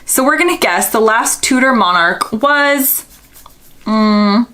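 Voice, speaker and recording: A woman's voice: on the high side, animated, slow pace, a bit bright. A young American woman vlogger, casually thinking aloud and second-guessing herself while answering quiz questions. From United States.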